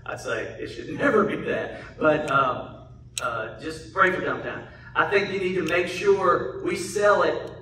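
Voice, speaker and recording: A man's voice: fairly high pitch, bright, forceful tone, a little hiss or hum. A middle-aged man giving a church parenting talk, a folksy storyteller who acts out his children's lines. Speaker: guest speaker at a church parenting class. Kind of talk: church seminar talk with family anecdotes. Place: large church hall. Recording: echoey hall from a distant mic.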